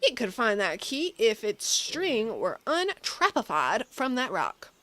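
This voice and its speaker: A woman voicing an excitable male cartoon tiger from a game, with a folksy Southern drawl. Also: fairly high pitch, takes it slowly, full character voice.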